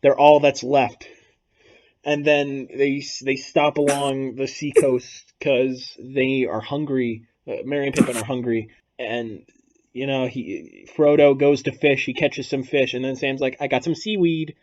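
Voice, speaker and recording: A man hosting a podcast, telling a long, improvised story in a rambling, deadpan way over casual chat. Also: mid-range voice, a little slow, lo-fi sound, a little hiss or hum. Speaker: podcast host.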